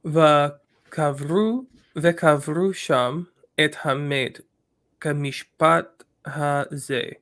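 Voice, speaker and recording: A male student in a live online class, reading a passage aloud slowly and with frequent stumbles. His voice is gravelly and pitched slightly above the usual male range, and he takes his time over every word. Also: a bit bright. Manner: halting, stumbles and restarts while reading.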